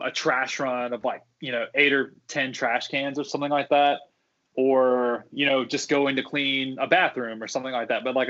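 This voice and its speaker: A man's voice: medium pitch, fairly bright tone, dull audio. Rambling man telling work stories. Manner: rambling, many fillers and restarts. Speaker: guest, former theme park custodian. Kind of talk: casual podcast storytelling.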